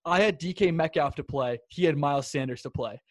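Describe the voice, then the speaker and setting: A young man with a high voice runs a casual sports chat, getting worked up and cursing freely as he tells his stories. The recording is close and dry, with no room sound. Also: a little fast, dry recording. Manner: excitable, swearing, animated storyteller. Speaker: podcast co-host.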